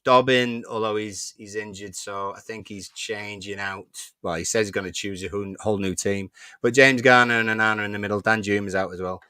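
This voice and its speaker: A man co-hosting a football fan chat, reading out predicted lineups in a relaxed, stop-start way. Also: on the low side, brisk, clear, resonant tone, dry recording. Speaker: podcast co-host.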